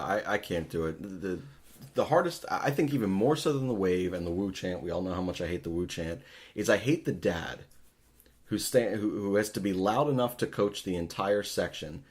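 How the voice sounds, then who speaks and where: Low-pitched guy ranting and swearing on his podcast. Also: normal speed, darkish tone. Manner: ranting, profane, exasperated. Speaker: podcast host. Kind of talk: casual podcast rant.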